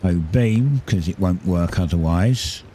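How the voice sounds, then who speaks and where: A man's voice: sits low, slow, mellow, slight background noise. A man giving casual, rambling commentary while playing a building game, talking through each step and correcting himself often. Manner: rambling, self-correcting, explains building steps. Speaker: gaming streamer.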